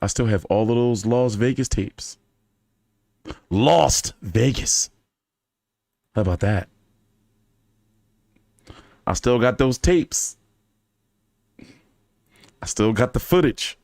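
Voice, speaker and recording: A man hosting a casual fan chat, telling stories in an animated, profane way with many fillers. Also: mid-range voice, slow, pauses often, no room sound, clean studio sound. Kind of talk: casual storytelling to a live chat.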